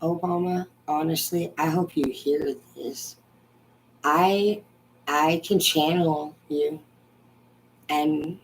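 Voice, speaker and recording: A young adult woman from Washington state, angrily ranting to her viewers and swearing constantly, swinging between loud outbursts and low muttering. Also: poor audio. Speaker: vlogger. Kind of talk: profane ranting monologue.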